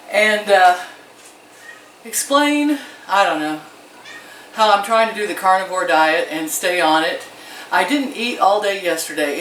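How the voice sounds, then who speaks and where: A woman's voice: fairly low pitch, fairly bright tone. An older woman hosting her own vlog in chatty, self-mocking talk, laughing often. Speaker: vlog host. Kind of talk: casual vlog chat. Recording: distant voice with background noise.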